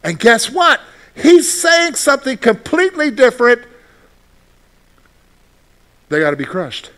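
A middle-aged man, a pastor, reading scripture slowly and then preaching with lively rhetorical questions. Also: very high-pitched. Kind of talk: sermon.

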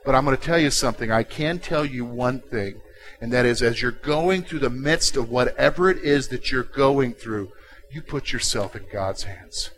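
A male pastor delivering a sermon, dropping to a quiet intimate tone and then rising loud and emphatic. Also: mid-range voice, normal speed, low-quality recording. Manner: dynamic preaching, swinging from hushed to loud and emphatic.

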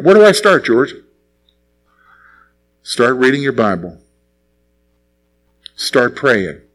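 A man's voice: medium pitch, very animated, takes it slowly, pauses often, a bit bright. A man preaching a sermon, earnest and repetitive, acting out sample prayers to his congregation. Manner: earnest, repeats phrases, acts out prayers. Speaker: pastor.

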